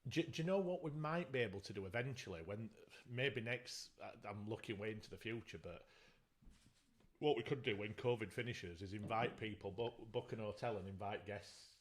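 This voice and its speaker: A man's voice: lowish voice, moderate pace. A man with a Sheffield accent co-hosting a podcast in casual chat, laughing often and trailing off mid-sentence. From Sheffield, England. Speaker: podcast co-host.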